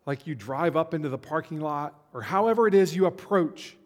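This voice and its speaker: A man giving a conversational Christmas sermon as a pastor, slowing down to stress key words. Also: fairly high pitch, lively intonation. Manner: conversational, slows down for emphasis. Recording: long hall reverb.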